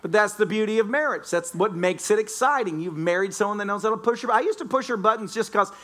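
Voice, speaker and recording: A man's voice: high-pitched, fast talker, fairly bright tone. A man preaching a sermon as a pastor, joking and playfully telling stories to the congregation. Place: church sanctuary.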